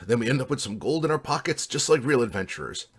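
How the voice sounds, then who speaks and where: Guy doing a chipper lady adventurer, brisk and practical. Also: mid-range voice, animated, breathy edge, pitched above the performer's own voice. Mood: upbeat. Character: upbeat young woman adventurer.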